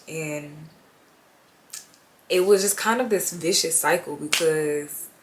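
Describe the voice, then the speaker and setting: A young woman talks straight to the camera in a slow, heartfelt confessional, her voice low and gravelly. She trails off into fillers and sounds tearful at times, with faint noise behind her. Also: fairly bright tone. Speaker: vlogger. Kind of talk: personal confessional talk to camera.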